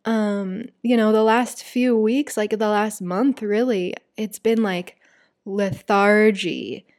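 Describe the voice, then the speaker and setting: A woman's voice: medium pitch, a little mellow. Chatty woman hosting a podcast. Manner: chatty, confiding, many "like" and "you guys" fillers. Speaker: podcast host. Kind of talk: casual solo podcast chat.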